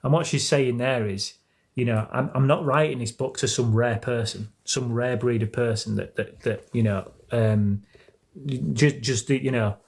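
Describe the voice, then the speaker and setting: Earnest rambling Englishman. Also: fairly low pitch. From England. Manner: earnest, rambling, many restarts and fillers. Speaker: host of a live stream on anxiety recovery. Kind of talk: casual live-stream chat. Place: at home.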